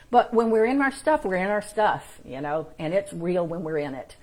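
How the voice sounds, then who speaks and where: A woman's voice: fairly low pitch, expressive, normal speed. A woman hosting a live-streamed spiritual teaching, talking informally and encouragingly, and greeting viewers in the chat by name.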